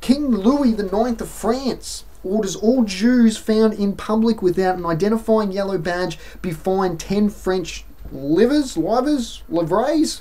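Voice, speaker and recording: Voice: mid-range voice, a little mellow. Sarcastic Australian vlogger ranting. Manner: sarcastic, exasperated ranting with mocking asides. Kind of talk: opinion rant to camera.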